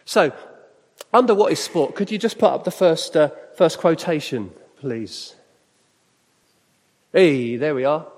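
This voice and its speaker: A middle-aged man from Britain gives a chatty sermon-style talk, putting questions to his listeners as he goes. His voice sits a little high for a man. It rings out with a long reverb across a church hall. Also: measured pace, pauses often, a little mellow. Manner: chatty, conversational, asks the audience questions. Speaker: church speaker.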